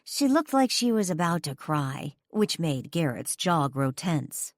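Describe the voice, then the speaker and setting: Woman, romance audiobook narration, lower voice, very lively and expressive, dry close studio sound. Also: unhurried, no room sound. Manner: expressive, dramatic, sweeps high for dialogue.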